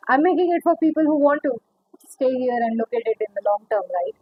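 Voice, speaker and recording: A woman's voice: high voice, lively intonation, normal speed, no echo, dull audio. A woman giving a pick-a-card tarot reading, chatty and rambling, calling the viewer honey. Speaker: tarot reader.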